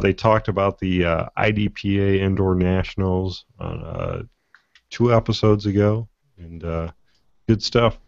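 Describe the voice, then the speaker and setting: A man hosting a podcast, talking casually and haltingly with many fillers. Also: low voice, vocal fry, a little mellow, no room sound. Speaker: podcast host. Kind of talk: casual chat, show segments. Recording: dull lo-fi podcast audio.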